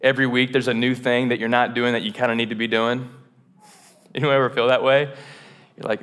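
A man preaching a casual sermon as pastor, relaxed and self-deprecating, chatting with lots of fillers and restarts. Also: medium pitch, a little fast, pauses often, clean tone, big-room sound. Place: church auditorium.

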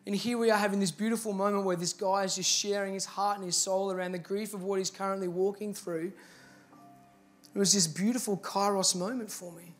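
A man's voice: sits high, steady tone, brisk, soft background music. A man with an Australian accent, a pastor telling a personal story in a sermon and building to earnest, emphatic appeals. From Victoria, Australia.

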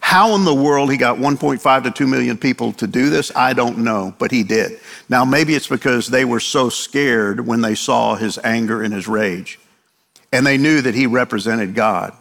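A man's voice: medium pitch, moderate pace, gravelly, fairly bright tone, big-room sound. An older man preaching a sermon in a conversational way, acting out quotes from the text. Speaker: pastor.

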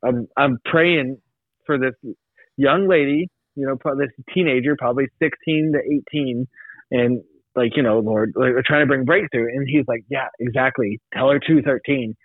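A man's voice: medium pitch, normal speed, no echo. A young man, a podcast guest, telling a faith story in a rambling way, full of restarts and fillers. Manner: rambling, many restarts and likes. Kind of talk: casual testimony. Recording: tinny phone-like line.

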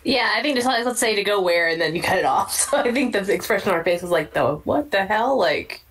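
A woman's voice: mid-range voice, lively intonation, fast talker, fairly bright tone, poor audio. Chatty woman plugging her shows. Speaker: player. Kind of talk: casual chat, self-introduction.

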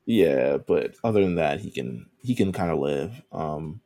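A man with a low, gravelly voice and a dark, mellow tone talks through an anime recap in loose podcast chat. He rambles, fills gaps with ums and swears casually. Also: expressive, a little slow, no room sound, studio quality. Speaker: podcast co-host.

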